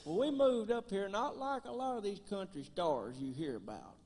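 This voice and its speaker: A man's voice: high-pitched, moderate pace. Folksy West Tennessee drawl, man storyteller. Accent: West Tennessee Southern drawl. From Gleason, Tennessee. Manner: homespun, deadpan one-liners. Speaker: banjo player and comedian. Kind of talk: folksy stand-up storytelling on stage. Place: concert stage.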